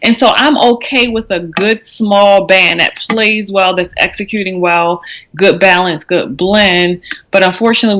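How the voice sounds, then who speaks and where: Podcast co-host, young adult, bright tone, blunt and opinionated, casual chat, frequent restarts. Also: mid-range voice.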